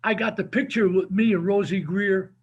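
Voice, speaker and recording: Husky high-voiced older New man. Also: normal speed, muffled recording. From New Jersey. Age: 70s. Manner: animated, repeats words, lively storyteller. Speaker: guest, former football coach. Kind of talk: casual storytelling interview.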